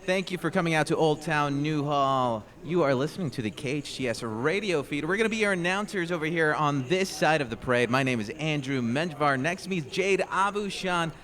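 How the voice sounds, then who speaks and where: A man's voice: on the high side, animated, fairly quick, hardly any pauses, a bit bright. A young man announcing a street parade outdoors on a radio feed, upbeat and chatty with a joking manner. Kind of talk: live event commentary.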